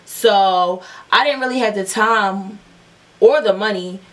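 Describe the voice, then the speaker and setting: A woman's voice: medium pitch, slow, fairly bright tone, far from the mic. A young woman telling a long, profane storytime while doing her makeup, rambling with lots of fillers. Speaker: beauty vlogger.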